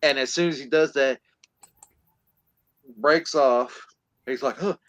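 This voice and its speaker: A man recaps a movie plot on a podcast at an unhurried, drawn-out pace, now and then slipping into goofy character voices. His voice sits close and dry on the mic, with no room sound. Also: mid-range voice, steady tone, a bit bright, no echo, poor audio. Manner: acts out characters in silly voices while retelling. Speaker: podcast co-host.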